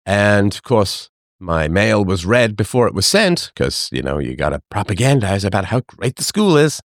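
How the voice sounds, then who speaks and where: A middle-aged man hosting a livestream, talking to his chat in a sarcastic, animated monologue. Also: normal speed, no room sound, studio quality. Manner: animated, sarcastic, mimics others in higher voices. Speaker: livestream host. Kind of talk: casual monologue to live chat.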